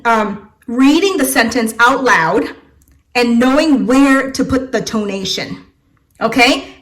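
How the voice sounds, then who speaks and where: High-voiced woman teaching English lessons. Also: a bit bright. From Vietnam. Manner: encouraging, checks in with "okay?" and "right?" after many phrases. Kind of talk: casual online English lesson.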